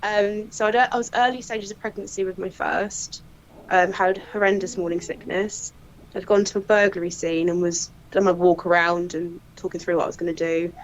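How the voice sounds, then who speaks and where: A woman tells work stories in a bright, animated way, jumping into other people's voices. Her pitch sits in a middle range. The podcast audio sounds a little dull. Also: normal speed, slight background noise. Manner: lively, laughing storyteller who acts out quotes. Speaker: crime scene investigator guest. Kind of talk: casual anecdote telling.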